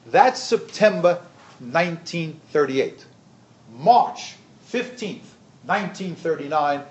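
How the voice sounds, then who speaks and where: An older man, a history professor, lecturing teachers in a lively storytelling way and acting out the quoted voices. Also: a little high, roomy sound, dull audio.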